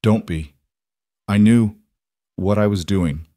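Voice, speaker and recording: A man voicing a dying young outlaw in a cowboy storybook who speaks weakly and haltingly. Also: on the low side, warm tone, no echo, clean studio sound. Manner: weak, halting, coughing between words. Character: dying young male outlaw, bitter, broken.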